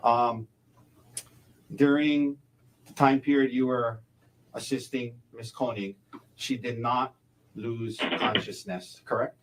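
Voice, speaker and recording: A man as a defense attorney cross-examining a witness in court, halting and repeating words, closing each point with a leading question. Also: medium pitch, fairly even intonation, rough recording.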